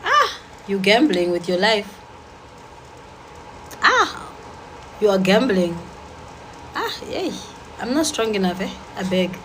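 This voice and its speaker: A woman's voice: medium pitch, big pitch swings, a little hiss or hum, rough recording. Blunt, sassy woman talking to a crowd. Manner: blunt, sassy, rapid-fire. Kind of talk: casual talk to an audience.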